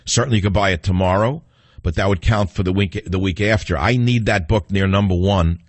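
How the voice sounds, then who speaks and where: A man with a fairly low voice hosts a political talk radio show. He rants with combative scorn, then turns to take callers. The studio sound is dry and close. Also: brisk, dry recording.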